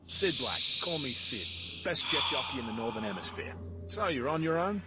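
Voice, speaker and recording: A man's voice: mid-range voice, sing-song, moderate pace, heavy background noise, natural voice. A man doing a cocky Australian pilot. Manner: boastful, slangy, wheedling. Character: brash male pilot, cocky smuggler.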